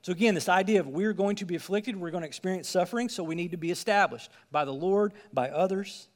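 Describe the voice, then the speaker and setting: Guy preaching a sermon, kinda high voice, earnest and emphatic, reads scripture and asks the crowd questions. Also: quick pace, in a large hall.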